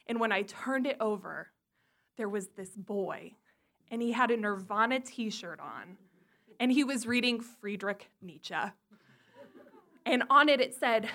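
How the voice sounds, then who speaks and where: A woman telling a funny personal story to listeners, animated and swearing freely. Her voice sits fairly high for a woman. The tone is bright and clear. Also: a little slow, pauses often.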